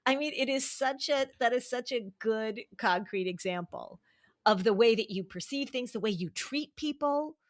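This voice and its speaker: Middle-aged woman podcast host: casual, animated, quick to laugh, dry close sound. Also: a little high, dry recording. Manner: animated, laughs often, acts out quoted voices. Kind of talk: casual chat.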